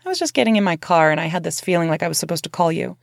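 A woman voicing a calm, reassuring man who checks on someone in trouble, in a dry-sounding recording. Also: lowish voice, racing, creaky, no echo. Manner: reassuring, steady. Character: calm, comforting, protective man.

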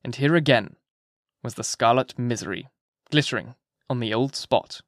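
A man narrates a classic novel in a measured, expressive way. His voice sits at a middle pitch. The recording is close and dry, with no room sound. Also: no room sound. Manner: measured, expressive literary reading. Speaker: audiobook narrator.

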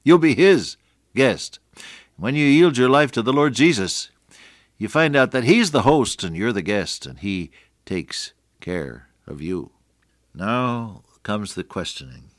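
A man's voice: lowish voice, expressive, unhurried, dry recording, clean studio sound. A man preaching a radio sermon, earnest and repeating phrases for emphasis.

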